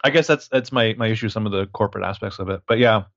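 A man co-hosting a casual film review chat, talking in a halting way full of fillers. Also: on the low side, a bit bright, no echo, muffled recording. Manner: conversational, halting, frequent fillers. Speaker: podcast co-host.

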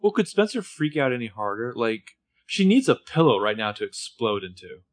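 A man's voice: mid-range voice, very animated, moderate pace. A man co-hosting a casual TV recap podcast, chatty and joking. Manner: chatty, with playful jokes. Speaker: podcast co-host.

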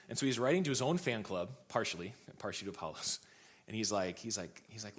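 A young man with a fairly low voice delivers a sermon in a relaxed, conversational way. He restarts his sentences and repeats words as he tells a personal story to the congregation. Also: brisk. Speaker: pastor.

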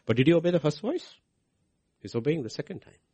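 A man's voice: fairly high pitch, animated, fast, mellow, slightly rough. A man preaching a sermon, asking his listeners questions and answering them himself.

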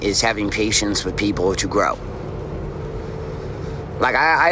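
A man's voice: fairly low pitch, noisy background. A man hosting a podcast, giving a blunt, profane and fired-up motivational monologue. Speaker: podcast host.

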